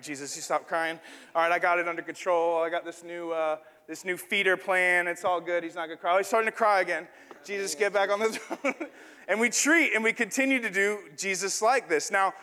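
Man, pastor, animated playful sermon, high voice, echoing church hall. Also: fairly quick. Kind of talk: sermon with an on-stage illustration.

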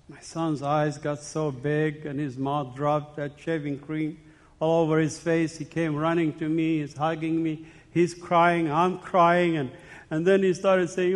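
A man's voice: fairly high pitch, fairly even intonation, normal speed. A middle-aged man giving an earnest, emotional church testimony, often repeating himself and restarting phrases. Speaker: speaker giving his faith testimony. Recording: long hall reverb.

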